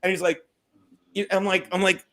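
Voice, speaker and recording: A male comedian hosting a podcast, telling a rambling story in casual chat and swearing freely as he goes. His voice sits high for a man. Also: little pitch movement, normal speed, pushed and bright.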